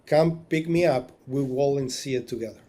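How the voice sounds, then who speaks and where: A man's voice: mid-range voice, normal speed, dark tone. A man who is a marina business owner, telling his story as a podcast guest, acting out quoted dialogue, getting emotional along the way, and often restarting his sentences. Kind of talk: storytelling in a casual interview.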